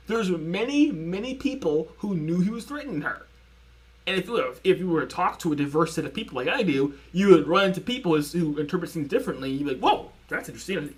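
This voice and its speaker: Hosting a reaction video, a young man makes his case point by point in a sarcastic, repetitive manner, frequently restarting. His voice leans high and sounds a bit bright.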